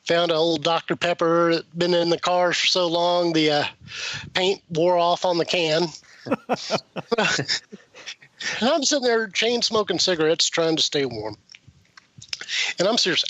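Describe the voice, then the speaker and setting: A high-pitched man spins a rambling story for his podcast friends, chuckling and putting on the voices of the people in it. The recording is dry and a little muffled. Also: measured pace, long pauses, no room sound. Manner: animated, laughs while telling, acts out quoted voices. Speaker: podcast guest. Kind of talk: casual storytelling.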